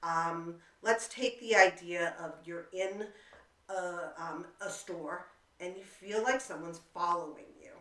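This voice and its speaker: A woman's voice: on the low side, slow pace, sharp tone. A woman explaining a coping skill in a casual, conversational way, often checking in with "right?" and "okay?". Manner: conversational, many fillers and rhetorical "right?" and "okay?". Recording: echoey room, voice somewhat far from mic.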